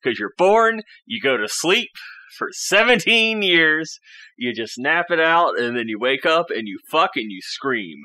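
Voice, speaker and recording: A man's voice: fairly high pitch, big pitch swings, unhurried, bright, forceful tone, dry recording. A man co-hosting a podcast, rambling in easygoing, profane casual chat. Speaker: podcast co-host.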